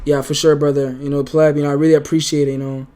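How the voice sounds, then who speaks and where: An earnest young man chats on his livestream, his voice sitting a bit high. He gets emotional and trips over his words, repeating them as he goes. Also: little pitch movement, quick pace, dark tone, slight background noise. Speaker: streamer. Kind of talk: casual livestream chat.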